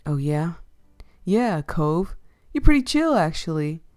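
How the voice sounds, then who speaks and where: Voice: medium pitch, very animated, slow, darkish tone. A woman voicing a cheeky, pun-loving boat companion in a visual novel, with a bouncy and teasing delivery in a raised voice.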